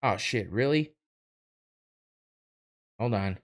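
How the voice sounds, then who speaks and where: A young man with a low-leaning, expressive voice speaks slowly while hosting a casual solo podcast. He talks over a live fight in watch-party fashion. His chatter is rambling, profane, and self-mocking, with frequent laughs.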